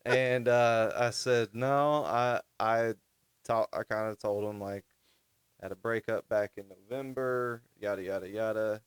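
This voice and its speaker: A man's voice: on the low side, a little slow, clean tone, no room sound, clean studio sound. A man co-hosting a podcast, telling long stories in a rambling casual way with many restarts. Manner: rambling storyteller, restarts often. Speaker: podcast co-host. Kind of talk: casual chat.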